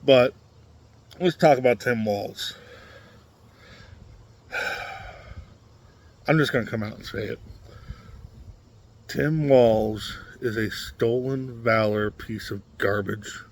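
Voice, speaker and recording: A man's voice: mid-range voice, slow pace, pauses often, slight background noise. A man from Nebraska giving a blunt, combative opinion monologue to camera, with many fillers and restarts. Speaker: political commentary vlogger.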